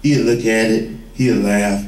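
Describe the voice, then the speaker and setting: A former gang leader telling street stories to young people, vivid and plain-spoken. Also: male voice, lowish voice, fairly even intonation, unhurried, a little mellow. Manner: vivid storyteller, acts out quoted voices. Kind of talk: storytelling talk to a room. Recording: echoey room, far from the mic.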